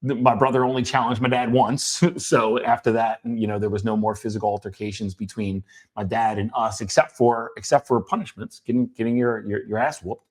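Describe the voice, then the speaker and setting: A middle-aged man co-hosting a talk, telling his childhood story in a halting way with many restarts, at times emotional. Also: mid-range voice, fairly even intonation. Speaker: podcast co-host. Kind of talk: personal storytelling conversation.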